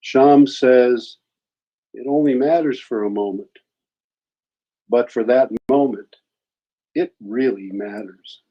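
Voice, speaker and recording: A man guesting on a live English lesson chats and reads a poem in a slow, thoughtful manner. His voice is mellow and unhurried. It comes through a dull, lo-fi connection. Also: medium pitch. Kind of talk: casual chat, reading his own poem.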